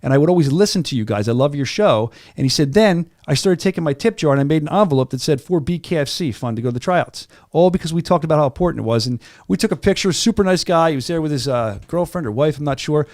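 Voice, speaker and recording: A man hosts a combat sports show from a studio, talking fast and eagerly. He tells stories and repeats words as he goes. His voice sits somewhat high, and the sound is close and dry. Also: animated, a little mellow, no room sound. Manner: enthusiastic, storytelling, repeats words. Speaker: podcast host. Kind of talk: casual studio chat.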